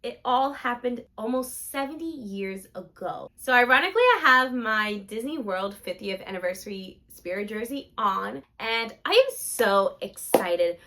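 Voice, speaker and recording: A woman's voice: fairly high pitch, animated, a little slow, hardly any pauses, pushed and bright. A young woman vlogging about theme parks, gushing and emotional as she talks. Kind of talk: excited theme park vlog chat.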